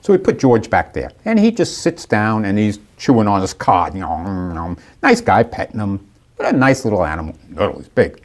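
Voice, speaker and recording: Guy telling a story, super animated, pitch all over the place, does the voices. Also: fairly quick. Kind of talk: casual anecdote.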